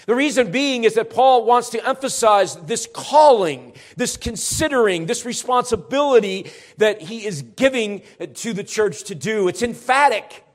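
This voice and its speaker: A pastor delivers an expository sermon in a notably high voice for a man. He explains things in an earnest, teacherly way and presses his points with rising, emphatic urgency. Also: expressive, unhurried, few pauses.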